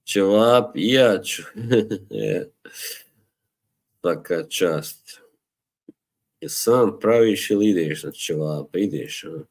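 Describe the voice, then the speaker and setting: A man hosting a casual live stream, his voice sitting very low. He talks slowly and rambles in an easy way, drifts into Bosnian phrases and laughs between thoughts. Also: vocal fry. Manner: relaxed, rambling, laughs often, mixes in Bosnian. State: tired from little sleep.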